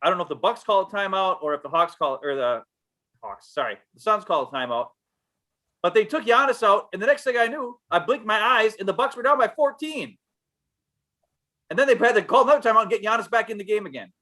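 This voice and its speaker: A man's voice: sits high, animated, fast talker, pushed and bright. A man co-hosting a casual sports podcast, telling stories in a frustrated, blunt way. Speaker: podcast co-host.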